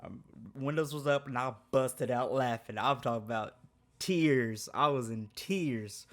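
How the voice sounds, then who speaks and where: A man recounts a story from his job in a loose, slangy, conversational manner. His voice sits in a middle pitch and often breaks into laughter. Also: measured pace. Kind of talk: casual storytime vlog.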